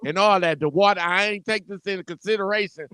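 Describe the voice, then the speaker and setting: A man's voice: high-pitched, quick pace, pushed and bright, clear, resonant tone, dry recording. A man, co-hosting a casual talk show, tells a story with laughs and stammers. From Cleveland, Ohio. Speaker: co-host.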